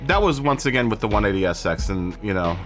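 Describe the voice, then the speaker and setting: A man's voice: fairly low pitch, big pitch swings, quick pace, a bit bright, soft background music. A man hosting a casual live gaming stream, chatting in a rambling way, correcting himself and laughing often.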